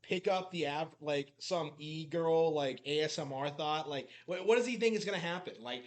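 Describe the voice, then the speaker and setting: A man with a notably high voice rambles through mocking reaction commentary. He leans on "like" constantly and sounds scornful toward his subject. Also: animated, brisk, few pauses. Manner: mocking, heavy use of "like" fillers. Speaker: commentary YouTuber.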